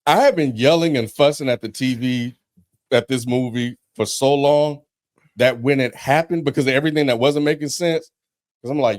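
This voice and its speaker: A man's voice: medium pitch, normal speed, dry recording, clean studio sound. A man co-hosting a casual movie review podcast, cursing and acting out his own frustrated rants. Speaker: podcast co-host.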